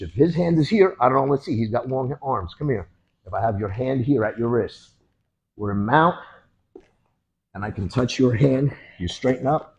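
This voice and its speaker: A man teaching a martial arts class, walking students through a technique and punctuating moves with "boom" and "bang.". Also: a little mellow, slightly rough. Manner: punchy, with sound effects like boom and bang. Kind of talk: hands-on technique demonstration.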